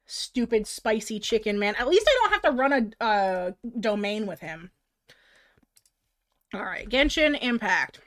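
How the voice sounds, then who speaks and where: A woman's voice: medium pitch, very animated, a little slow, fairly bright tone. A woman streamer chatting casually on a livestream, self-mocking and swearing freely.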